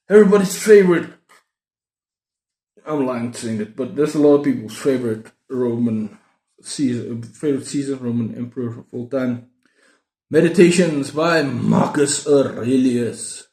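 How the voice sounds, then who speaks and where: A man's voice: medium pitch, warm tone. A man in his thirties chatting casually about books in a rambling, self-mocking way, full of restarts. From South Africa. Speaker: book vlogger. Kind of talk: casual book-haul chat. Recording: roomy echo.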